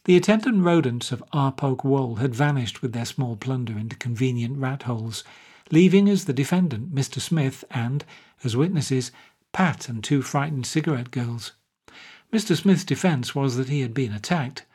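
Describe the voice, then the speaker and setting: A man's voice: mid-range voice, lively intonation, moderate pace, a little mellow, slightly rough. Man narrating a wry short story. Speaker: audiobook narrator. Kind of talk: scripted narration.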